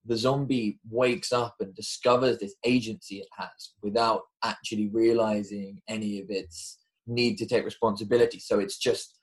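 A man hosting a podcast, reflecting in a measured way and pausing to find his words. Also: lowish voice, poor audio. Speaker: podcast host. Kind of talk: casual intellectual conversation.

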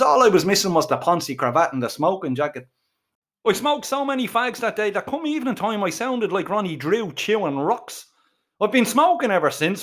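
A man's voice: sits high, a bit bright. A middle-aged Irish man telling a crude, comic story with colourful swearing.

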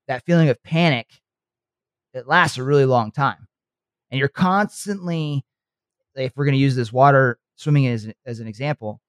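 Speaking like an earnest coach on a motivational podcast, this man keeps checking in with "okay" and "right" to confirm his listener is keeping up. His pitch is an ordinary middle register. He's miked close in a dry recording with no surrounding room.

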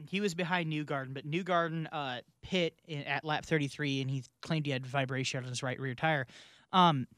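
A man co-hosting a relaxed podcast, talking loosely and laughing easily as he goes. His voice sits a little high. The sound is close and dry. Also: no room sound. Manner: chatty, laughs often, trails off and restarts. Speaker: podcast co-host. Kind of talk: casual chat.

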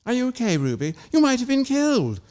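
A man voicing a shrill, startled female friend, high-pitched and alarmed, in a read-aloud story. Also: wildly swooping pitch, fairly quick, darkish tone, exaggerated voice.

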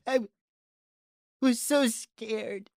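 A man voicing a tearful, sweet young male sea sponge, crying and sniffling in a high, trembling voice. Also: extremely slow, a little mellow, dry recording, clean studio sound, exaggerated voice.

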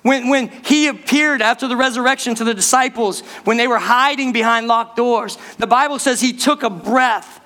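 A man preaching a sermon to his church, animated and calling out to the congregation, rushing some phrases and drawing others out. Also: very high voice. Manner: animated preaching, speeds up and slows down, calls out to the church. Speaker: pastor.

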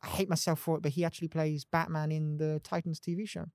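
A woman co-hosting a casual podcast chat, playfully indignant and excitable. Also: low voice, fast, no room sound, clean studio sound. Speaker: podcast co-host.

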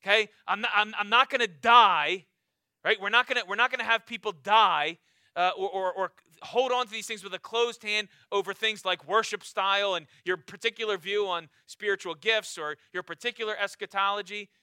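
A man preaching a sermon as pastor, emphatic and repetitive, swinging from loud urging to quiet low lines. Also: fairly even intonation, moderate pace, clean tone, no room sound, clean studio sound.

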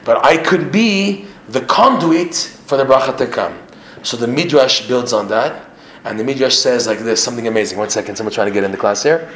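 A man teaching a religious class to his regular students, animated, firing off rhetorical questions and often repeating himself. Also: mid-range voice, fairly quick, a little hiss or hum. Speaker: Torah teacher. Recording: echoey room, faint ambience.

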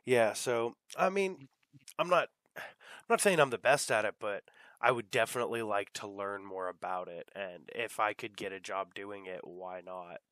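Casual young male podcast host, lowish voice, dry close mic, rambling and profane. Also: moderate pace, a bit bright, no echo. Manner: rambling, lots of fillers and swearing. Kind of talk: casual chat.

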